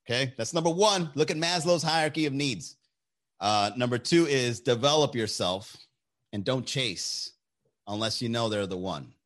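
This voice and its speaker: A man hosting a casual chat with his viewers, handing out blunt, opinionated dating advice. He swears freely and his voice jumps up and down with energy. His pitch sits in a middle range. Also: moderate pace. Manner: animated, shifts voice for quotes.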